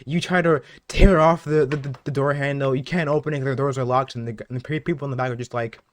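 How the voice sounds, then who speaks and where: A young man co-hosting a podcast spins a comic made-up scenario in casual chat, animated, laughing often, and stumbling into many restarts. He talks fast at a medium pitch.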